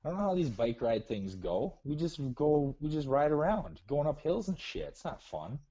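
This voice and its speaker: A man's voice: fairly high pitch, very animated, moderate pace, warm tone, dull audio. A man calling into a live show, chatting casually and grumbling in a self-deprecating way. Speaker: caller. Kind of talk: casual chat.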